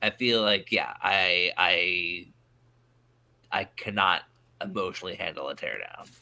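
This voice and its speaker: Low gravelly man, hesitant and lively. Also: measured pace. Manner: hesitant, restarting sentences. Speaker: podcast co-host. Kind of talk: casual chat.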